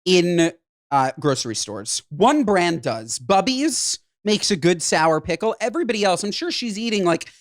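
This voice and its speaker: Brief: male podcast co-host with a high, very lively voice, animated and jokey, swinging his pitch widely as he riffs. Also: moderate pace, no room sound, clean studio sound. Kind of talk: casual podcast chat.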